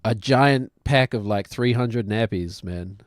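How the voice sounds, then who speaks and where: A man's voice: fairly low pitch, slow pace, dry recording, studio quality. A man in his thirties with a New Zealand accent, chatting casually while he plays a game and cracks self-mocking jokes. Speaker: streamer.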